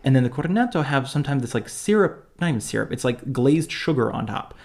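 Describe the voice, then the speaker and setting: Young guy cohosting a chat, talks fast, rambles and restarts a lot. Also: medium pitch, expressive, vocal fry, a little mellow. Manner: rambling, many restarts and fillers. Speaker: podcast co-host. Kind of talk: casual chat.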